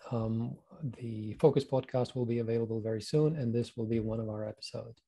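Very dark-voiced male podcast host. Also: mid-range voice, steady tone, brisk, vocal fry. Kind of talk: interview hosting.

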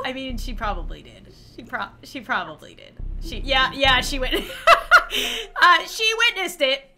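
A woman YouTuber doing excitable gameplay commentary, gasping, squealing and laughing as she reacts. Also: high-pitched, unhurried, a little hiss or hum. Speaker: gaming YouTuber.

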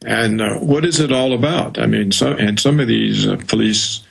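A male interview guest speaking over a video call, measured and hesitant, pausing often. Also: fairly low pitch, creaky, breathy edge, rough recording.

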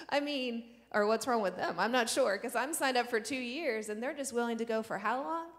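A woman's voice: a little high, a little fast. A woman missionary sharing a personal testimony with a church audience, telling her story earnestly and acting out the dialogue. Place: church sanctuary. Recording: long reverb of a church hall.

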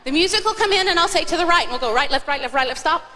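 A high, bright woman's voice, lively in intonation and rapid-fire, leads kids through a children's song with cheerful, coaxing stage banter. Her microphone rings into a large church auditorium with a long reverb tail over a faint audience murmur.

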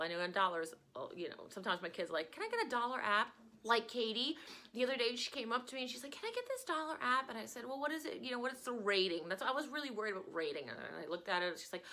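A woman's voice: medium pitch, sharp tone. A woman teacher from Louisiana giving a chatty, digressive lecture in a casual way.

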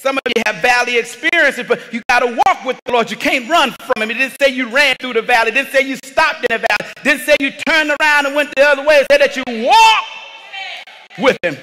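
A male pastor preaching a sermon, rising into shouted, repeated rhetorical questions and calling out to the congregation. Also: extremely high pitch, quick pace, few pauses. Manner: call and response with the congregation. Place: church sanctuary. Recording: long reverb of a church hall.

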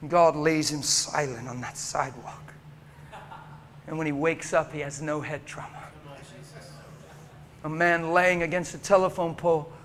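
An impassioned male preacher tells his stories in a high, ringing voice. His bright tone cuts through a faint hiss, and he laughs easily between his points. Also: steady tone, measured pace, long pauses. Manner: impassioned storytelling with frequent laughter. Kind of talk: sermon.

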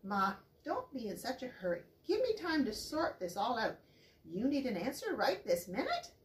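A woman voicing a steady, cautious father rat who speaks in a calm, admonishing way. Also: fairly high pitch, normal speed, roomy sound.

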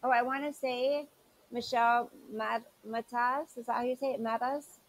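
A woman's voice: on the high side, fairly even intonation, moderate pace, poor audio. A woman hosts a reaction commentary with a sarcastic, critical edge. She questions and picks apart what she has just played. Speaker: commentary channel host.

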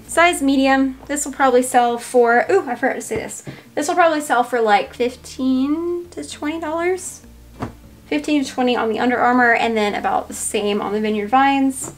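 A woman with a Southern US accent chatting casually to camera, thinking aloud with fillers as she goes through a thrift haul. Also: fairly high pitch. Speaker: reseller showing a thrift haul.

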